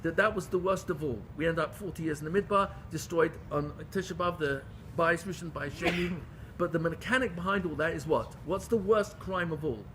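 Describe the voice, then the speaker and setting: A man's voice: fairly high pitch, brisk, a bit bright, a little hiss or hum. A man teaching a Torah class in English, speaking with pleading intensity, restarting phrases often and mixing in Hebrew terms. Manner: impassioned, pleading, with frequent restarts.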